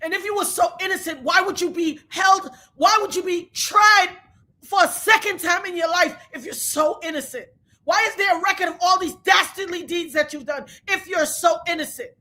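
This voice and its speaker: Woman, very high voice, furious ranting vlog, shouting and cursing, crying as she yells. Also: moderate pace. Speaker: commentary vlogger. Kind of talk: angry ranting commentary.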